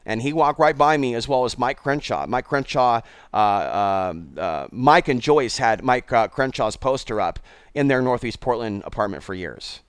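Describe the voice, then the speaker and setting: Blunt rambling man commentator, smooth voice. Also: mid-range voice, lively intonation, moderate pace, no echo, clean studio sound. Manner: blunt, digressive, talks to viewers. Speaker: channel host.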